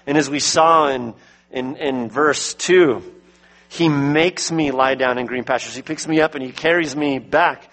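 A man's voice: mid-range voice, unhurried, fairly bright tone. A man preaching a sermon as pastor, emphatic, his voice rising when he presses a point home.

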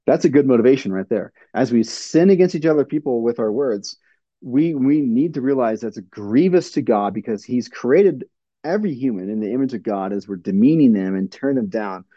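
A middle-aged male pastor gives a plainspoken teaching talk, earnest and full of fillers and restarts. His voice is mellow and dark, recorded dry and a little dull. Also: mid-range voice, animated, a little fast, no room sound. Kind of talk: sermon-style teaching with audience questions.

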